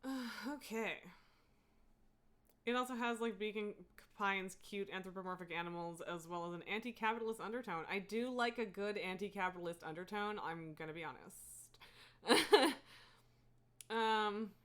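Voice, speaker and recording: A woman's voice: mid-range voice, moderate pace, a bit bright. A woman livestreaming a game, chatting casually from home in a rambling way, full of fillers and frequent laughs. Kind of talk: casual gameplay chat.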